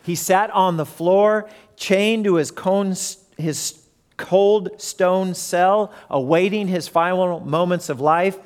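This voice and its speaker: A man's voice: sits high, takes it slowly, clean tone. A man preaching a sermon who retells the story and acts out the crowd and characters.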